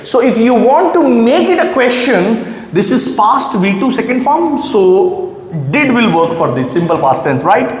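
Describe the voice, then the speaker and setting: Male grammar teacher at a board, lively delivery, repeats key points, echoey classroom sound. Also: very high-pitched, unhurried, slight background noise. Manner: checks in often with the listener, repeats key phrases; writes on a board while explaining. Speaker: English teacher. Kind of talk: classroom-style grammar lesson. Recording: echoey room with long reverb.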